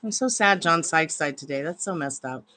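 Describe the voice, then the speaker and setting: A woman's voice: low voice, expressive, moderate pace, sharp tone, a little hiss or hum. A woman chatting casually on a live stream from her home, rambling between stories and cooing baby talk at her dogs. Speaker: tarot reader and live streamer.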